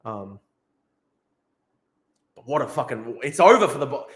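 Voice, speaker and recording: Male streamer, profane, gloating, fairly high voice, echoey room sound. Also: lively intonation, brisk, pauses often. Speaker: political streamer. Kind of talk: live-stream political rant.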